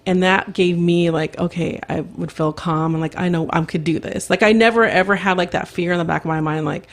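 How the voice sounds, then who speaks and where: A podcast guest in her thirties chats casually while telling a story, acting out people's words in a lively way. Her pitch is fairly low and her pace fairly quick.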